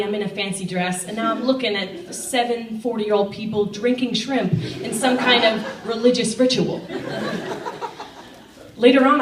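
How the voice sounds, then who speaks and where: A young woman doing a stand-up set on a comedy stage, telling stories deadpan, with loud bursts when she acts out quotes. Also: fairly high pitch. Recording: roomy sound from a distant mic.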